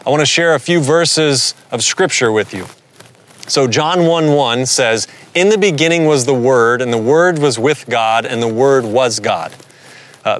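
A man's voice: mid-range voice, fairly bright tone. Southern-accented male preacher, mid-range voice, earnest Bible teaching that lifts into emphatic questions. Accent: American Southern. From United States. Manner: earnest, builds to emphatic rises. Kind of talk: sermon-style Bible teaching.

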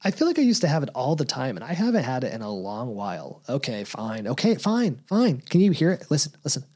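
A man's voice: mid-range voice, very animated, quick pace, warm tone. A man co-hosting a podcast in casual chat, sarcastic and full of dry jokes. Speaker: podcast co-host. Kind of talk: casual chat recapping a TV show.

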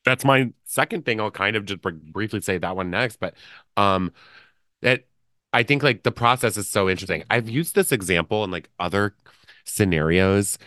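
A man in casual conversation, musing in a relaxed way and trailing off as he thinks aloud. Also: fairly low pitch, moderate pace, no echo, clean studio sound.

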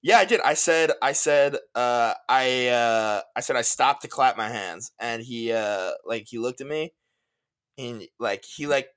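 A man in his early twenties chatting casually on a podcast, telling stories in a laid-back way with quick asides. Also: mid-range voice, fairly bright tone, clean tone, dry recording, clean studio sound. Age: 20s. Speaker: podcast co-host. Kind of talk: casual chat.

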